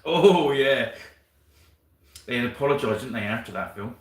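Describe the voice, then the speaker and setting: A man's voice: medium pitch, expressive, moderate pace. A man chatting casually on a livestream, telling rambling stories and swearing freely. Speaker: co-host of a wargaming livestream. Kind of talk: casual chat. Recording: roomy sound from a distant mic.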